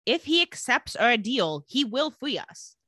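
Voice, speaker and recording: Lively bright-voiced woman recapping a show. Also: a little high, no echo, clean studio sound. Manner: animated, acts out character lines in quick voices. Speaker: podcast co-host recapping a TV show. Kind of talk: casual recap chat.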